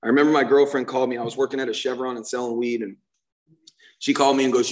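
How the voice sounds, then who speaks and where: A man's voice: medium pitch, flat delivery, quick pace. A man sharing his personal recovery story at a meeting, earnest and emotional, often restarting his sentences and saying "man, you know what I mean.".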